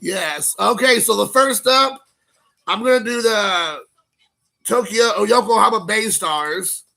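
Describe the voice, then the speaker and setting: Excitable guy opening card packs, high voice, gravelly, rambly and jokey. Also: slow. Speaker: card collecting vlogger. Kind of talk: casual unboxing chat.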